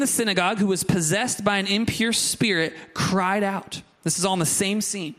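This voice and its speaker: A man preaching a sermon, lively and conversational, with asides to the congregation. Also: high-pitched, normal speed, hardly any pauses. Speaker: pastor.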